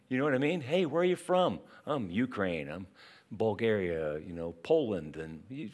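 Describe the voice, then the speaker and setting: A man delivering a sermon in a lively, conversational style. His pitch rises and falls freely as he throws out questions and asides to the congregation, shifting between punchy emphasis and quiet, drawn-out lines. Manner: animated, conversational preaching with rhetorical questions and asides. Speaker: pastor.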